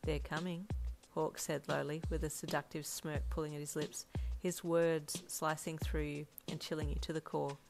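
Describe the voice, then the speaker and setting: A woman narrating a second-person fanfiction audio story in a steady, even storytelling voice. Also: sits low, moderate pace, creaky, few pauses. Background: faint lo-fi drum loop music.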